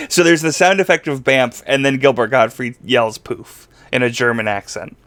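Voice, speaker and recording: Casting note: mid-pitched male host, dry teasing delivery, close dead-sounding recording. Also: fairly even intonation, moderate pace, fairly bright tone, no room sound. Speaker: podcast host. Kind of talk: casual chat, reading viewer comments.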